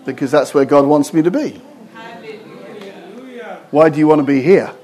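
A man's voice: on the high side, moderate pace, dark tone. A middle-aged man preaching a sermon to a congregation, telling stories playfully and firing questions at the audience. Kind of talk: sermon with storytelling.

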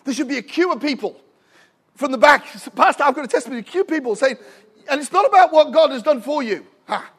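A man's voice: very high voice, lively intonation, fast. A middle-aged man preaching a sermon with passion, telling stories and calling out to the congregation for an amen. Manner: impassioned, rising to shouts with frequent "Amen?" calls.

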